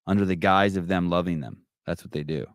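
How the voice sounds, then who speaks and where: A man's voice: low voice, steady tone, a little fast, clean tone, dry recording, studio quality. A middle-aged man hosting a live call-in podcast, brash, mocking and profane in casual chat. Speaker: podcast host.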